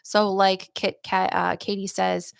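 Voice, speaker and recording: A woman's voice: medium pitch, level tone, creaky, clear, resonant tone, no echo. A woman hosting a casual livestream as a psychic medium, chatting loosely with lots of "like" and "um" and reading out viewer comments. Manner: chatty and loose, heavy use of "like" and "um", quick laughs.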